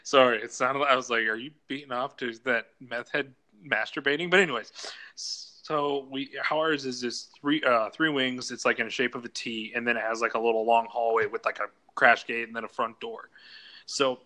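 Bright-voiced man telling crude stories. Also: mid-range voice, steady tone, normal speed. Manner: crude, laughing storyteller, acts out voices. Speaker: podcast co-host, former prison case manager. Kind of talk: casual storytelling chat.

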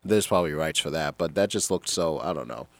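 A man's voice: rumbling low, lively intonation, brisk, creaky, fairly bright tone, no room sound. A man co-hosting a podcast in casual chat, rambling along, chuckling often and trailing off. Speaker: podcast co-host.

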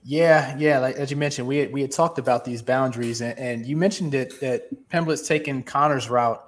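A man's voice: mid-range voice, fairly quick. A man on a sports talk panel, answering in an easygoing, conversational way. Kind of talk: casual sports chat.

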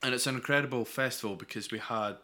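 A man's voice: medium pitch, fast talker, pushed and bright. A Scottish man co-hosting a podcast, telling a long anecdote in a rambling way with dry humour. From Scotland. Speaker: podcast co-host. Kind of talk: casual storytelling chat.

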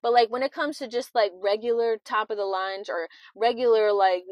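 A young woman hosting a podcast in a casual confessional chat, dramatic and expressive, swearing freely. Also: a little high, normal speed, no room sound. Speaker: podcast host.

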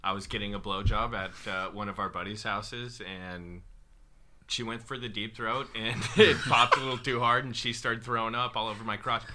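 A man's voice: fairly low pitch, fairly even intonation, moderate pace, bright, forceful tone. A young man in casual chat, telling stories with dry, self-mocking humor and a lot of laughter.

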